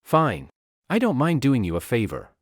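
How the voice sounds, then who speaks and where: A man's voice: mid-range voice, huge pitch swings, normal speed, no room sound, studio quality. A man voicing a blunt, unimpressed male guard at a village gate. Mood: dismissive.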